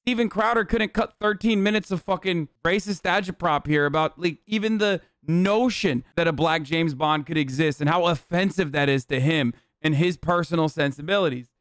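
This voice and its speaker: A man's voice: on the high side, moderate pace, hardly any pauses, fairly bright tone, clear, resonant tone, no echo, clean studio sound. A man in his thirties commenting bluntly and with plenty of profanity while reacting to a clip on a live stream.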